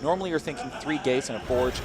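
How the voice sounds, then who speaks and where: A man's voice: mid-range voice, fast talker, over music. An American man casting a live strategy game match, analytical and fond of teasing banter. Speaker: esports commentator.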